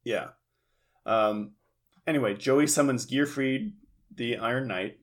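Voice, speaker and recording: A man's voice: medium pitch, slow. Chill guy explaining what happens in the episode, easygoing podcast talk. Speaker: podcast co-host. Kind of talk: casual chat recapping an anime episode.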